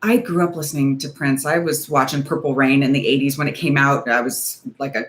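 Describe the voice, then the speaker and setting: A woman's voice: a bass voice, steady tone, a little fast. A woman in her forties hosting a casual beauty livestream, talking in a nervous, rambling, hedging way. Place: home, ring light.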